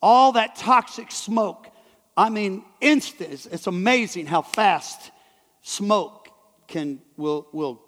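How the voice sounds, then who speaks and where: A high-voiced man preaches in a church hall and tells a story to the congregation. He stumbles and restarts his words often. His voice rings with a long hall reverb. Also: fairly bright tone. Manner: halting, repeats and restarts words. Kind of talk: sermon storytelling.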